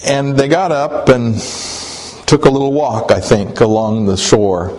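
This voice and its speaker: A man's voice: mid-range voice, fairly even intonation, a little slow, darkish tone, low-quality recording. A man preaching a sermon and retelling a story in a folksy, conversational way, with hesitant fillers.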